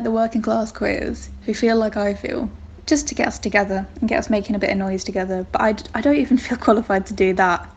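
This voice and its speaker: A woman's voice: on the high side, a little mellow. A woman from England leaving a frank, self-deprecating voicemail, swearing casually. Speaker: first-time caller. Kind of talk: casual voice message. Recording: dull lo-fi phone message.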